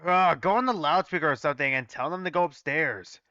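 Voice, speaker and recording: A man hosting his own channel, reading a story aloud and breaking in with loud, swearing asides, on a dull, dry recording. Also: a little high, fairly quick, clean tone, no echo. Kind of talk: casual reading commentary.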